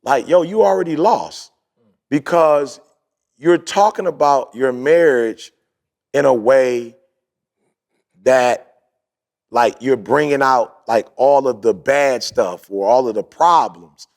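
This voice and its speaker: A man's voice: mid-range voice, slow pace, pauses often, a little mellow. A man hosting a podcast, telling a story in a casual motivational way, acting out quotes and repeating his points. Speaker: podcast host.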